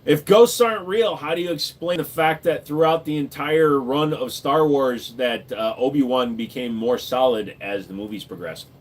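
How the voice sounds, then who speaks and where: A man's voice: mid-range voice, moderate pace, hardly any pauses. A man hosting a livestream, reading chat and answering in a laid-back, joking way, swearing casually and saying "dude" a lot.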